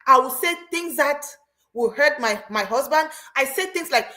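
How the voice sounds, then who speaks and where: A woman with a fairly high voice talks as a show host. She tells her stories animatedly, often repeating phrases for emphasis. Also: moderate pace. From Cameroon. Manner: animated storytelling, repeats herself. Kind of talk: casual chat.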